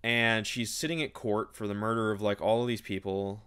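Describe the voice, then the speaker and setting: A man's voice: on the low side, flat delivery, normal speed, a bit bright, clean tone. A man recapping a novel in a casual, sarcastic and exasperated rant. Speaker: book reviewer.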